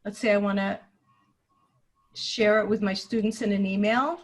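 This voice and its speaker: A woman's voice: mid-range voice, fairly even intonation, normal speed. A woman leading a video-call webinar, explaining a computer task step by step and thinking aloud as she goes. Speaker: teacher trainer leading a webinar. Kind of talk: screen-share tutorial. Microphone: computer mic on a video call.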